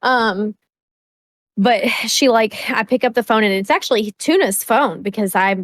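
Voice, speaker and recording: A woman's voice: on the high side, moderate pace, no echo. A woman co-hosting a podcast in casual chat, telling a story bluntly with frequent laughs and swearing. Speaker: podcast co-host.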